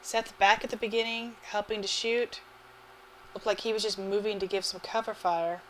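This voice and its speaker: A woman's voice: medium pitch, normal speed, poor audio. Chatty woman casting a game match. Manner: chatty, laughs often, excitable. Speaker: match commentator. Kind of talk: live esports commentary. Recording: faint background noise.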